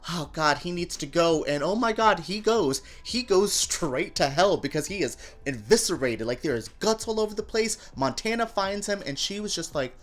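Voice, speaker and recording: A woman's voice: mid-range voice, normal speed, hardly any pauses. A woman hosting a casual TV review vlog, gossipy and campy in manner. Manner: animated, gossipy and campy, with playful voices for quotes. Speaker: TV review show host.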